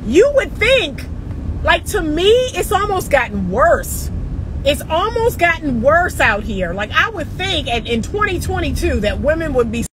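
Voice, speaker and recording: A relationship coach talks straight to her viewers from a car, casual and emphatic and laughing often as she gives advice. Her high-pitched voice is sing-song and a bit bright, a little slow in pace. The recording is rough, with slight background noise.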